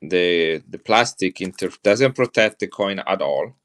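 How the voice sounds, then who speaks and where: A man's voice: sits low, expressive, measured pace. A middle-aged man with an Italian accent, chatting casually on a live stream as he sells and shows off coins to viewers. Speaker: coin seller on a live stream.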